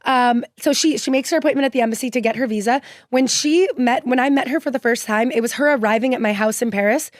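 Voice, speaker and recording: A woman guest on a podcast, telling stories in a casual, animated way and filling her speech with "like". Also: on the high side, fast, few pauses, dry recording, studio quality. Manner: chatty, heavy use of "like" fillers; animated, enthusiastic storyteller. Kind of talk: casual storytelling chat.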